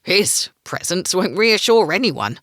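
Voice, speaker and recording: A woman's voice: lowish voice, sing-song, takes it slowly, a bit bright, no room sound, studio quality, exaggerated voice. A woman voicing a mocking male guard sergeant. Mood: scornful. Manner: mocking, snorting.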